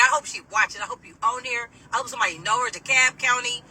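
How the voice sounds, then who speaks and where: A woman's voice: on the high side, racing, few pauses, pushed and bright, husky. A woman in a casual, indignant, swearing rant, speaking into a phone while driving a car. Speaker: vlogger. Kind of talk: casual venting monologue. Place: in a moving car. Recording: distant mic, faint road noise.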